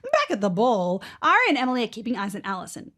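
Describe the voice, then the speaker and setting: A young woman with a fairly high voice that moves a lot, co-hosting a podcast. She reads an episode recap in a playful way, laughs easily and drops into a whisper now and then. Her delivery is lively throughout. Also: fast talker. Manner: playful, laughs often, slips into whispers while reading. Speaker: podcast co-host. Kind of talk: casual chat, reading an episode recap.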